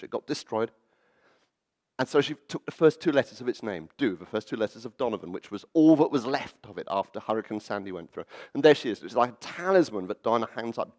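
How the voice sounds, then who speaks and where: A man giving a storytelling talk at a public event, animated and fond of acting out quoted voices. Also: mid-range voice. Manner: animated, acts out quoted voices and laughs at his own stories. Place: library event hall.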